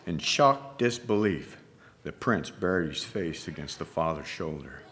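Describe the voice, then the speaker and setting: A man preaching by telling an allegorical story, reading in a hushed, dramatic way with slow pauses. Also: a bass voice, lively intonation, a little hiss or hum. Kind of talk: sermon storytelling.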